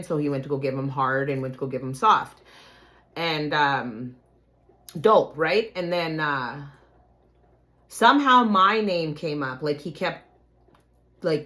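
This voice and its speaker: Animated, profane woman telling a story. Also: deep voice. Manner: profane, animated, addresses listeners as "you guys". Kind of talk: casual personal storytelling.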